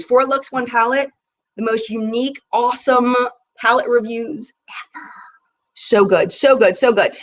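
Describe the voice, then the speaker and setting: A woman's voice: fairly high pitch, unhurried, dull audio. A woman in her thirties hosting a casual beauty live chat, chatty and bubbly, reading viewer comments aloud.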